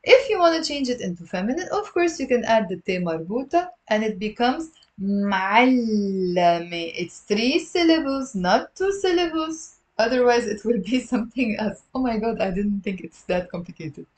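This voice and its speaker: A woman with a Lebanese accent teaching a live online Arabic lesson, patiently repeating words slowly and greeting viewers by name. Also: fairly high pitch, animated. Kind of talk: live-stream language lesson.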